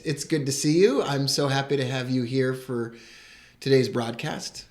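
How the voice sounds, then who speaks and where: An excitable man, hosting a live broadcast and greeting his viewers with enthusiasm. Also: medium pitch, fairly quick. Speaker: host.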